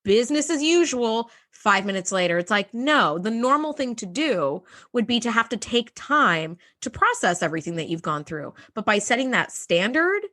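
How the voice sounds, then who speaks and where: A young woman co-hosts a casual podcast chat in an animated, exasperated way. Her voice sits high and bright, with a lively, swooping range. She acts out quotes as she vents. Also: normal speed, hardly any pauses. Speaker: podcast co-host.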